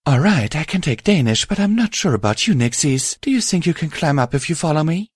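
A man's voice: fairly high pitch, very animated, brisk, breathy edge, no echo, voice pushed up. A crude, flirty pegasus mare with a raised, cocky voice, as a man puts her on for a storybook reading. She teases bluntly, heard close and dry. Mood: teasing. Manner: teasing, blunt delivery.

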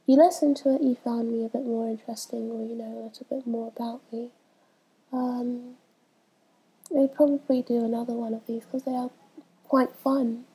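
A woman's voice: on the high side, dark tone, slightly rough, low-quality recording. A young woman with a stuffy, congested voice from a cold, chatting casually and hesitantly as she answers a questionnaire. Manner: hesitant, many ums, laughs between answers. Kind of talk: casual chat.

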